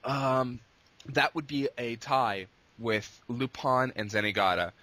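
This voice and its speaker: Bright-voiced man rambling through answers. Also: medium pitch. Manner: long-winded, rambling with restarts. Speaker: guest, abridged series creator. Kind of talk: casual interview answers.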